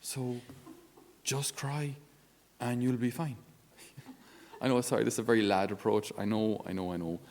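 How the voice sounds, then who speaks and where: A man's voice: mid-range voice, steady tone, normal speed, darkish tone, long reverb tail. A male Catholic priest giving an informal spiritual talk on his podcast in a conversational, down-to-earth way with self-deprecating humor.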